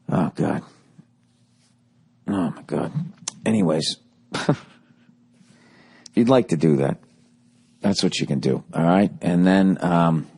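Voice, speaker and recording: A man's voice: low voice, warm tone. A man hosting his own podcast, reading ads with sarcastic, profane asides and then ranting casually, his voice worn from nightly shows. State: voice going hoarse from shows. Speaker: podcast host. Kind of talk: casual solo podcast rant with ad reads.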